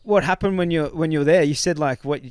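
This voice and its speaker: Aussie bloke, middle aged, chatty podcast host, kinda high voice, dry close sound. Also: male voice, quick pace, clear, resonant tone, no room sound. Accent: Australian. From Australia. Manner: animated storyteller, acts out quotes. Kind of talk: casual podcast conversation.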